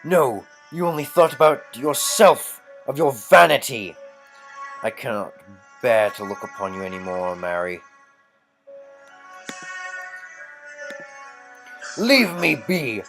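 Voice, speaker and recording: A player voicing a wronged brother in a period game, with stagey indignation and a lively, swinging pitch. Soft game music sits underneath. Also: measured pace, gravelly, heavily acted. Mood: cold anger. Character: wounded young gentleman, brother betrayed.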